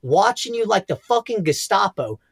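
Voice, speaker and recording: A young man with a Southern US accent guests on a podcast, telling wild stories in a casual interview, swearing a lot and laughing often. His high voice is creaky and slightly rough, at normal speed. There's no room sound.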